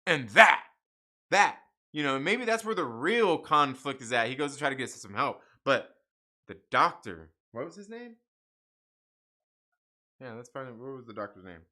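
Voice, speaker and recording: Bright-voiced man rambling about comics. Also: medium pitch, big pitch swings, normal speed, pauses often. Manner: rambling, swears a lot, laughs often. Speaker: livestream host reading comics. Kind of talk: casual profane chat.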